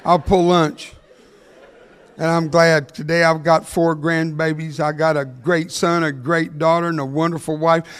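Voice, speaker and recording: An older man telling a humorous story to an audience as a motivational speaker, talking fast and laughing at his own punchlines. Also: on the high side, little pitch movement, smooth. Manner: talks fast.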